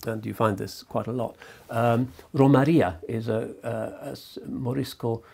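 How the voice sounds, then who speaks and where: A man lecturing in a measured, meandering way, often pausing on ums and restarting his phrases. His voice is dark and mellow, with a gravelly, husky edge. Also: medium pitch, steady tone.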